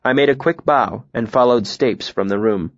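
A man reading a first-person novel aloud in a calm, even, reflective way. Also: medium pitch, normal speed, no room sound, dull audio. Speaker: audiobook narrator.

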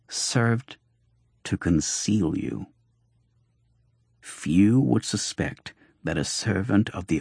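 A sly, fox-faced doctor and traveling showman, voiced by a man in an audiobook, speaks with wry, mocking ease. The voice sits low and husky. The sound is close and dry. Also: no echo, full character voice. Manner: wry, mocking, flowing speech. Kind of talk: audiobook reading.

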